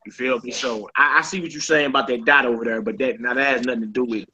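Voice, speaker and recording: A man's voice: medium pitch, fairly even intonation, fast talker, bright, forceful tone, a little hiss or hum, low-quality recording. A man teaching a Hebrew class in an informal, conversational way, often checking in with his students. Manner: informal, repeats "you know what I'm saying".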